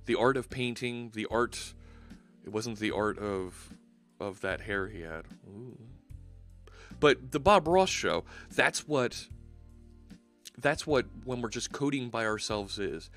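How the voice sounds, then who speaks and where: Male streamer, mid pitch, upbeat rambling chat over faint background music. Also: lively intonation, takes it slowly, a bit bright. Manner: chatty, upbeat, rambling with frequent restarts. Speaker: live-coding stream host. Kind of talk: casual livestream chat while coding.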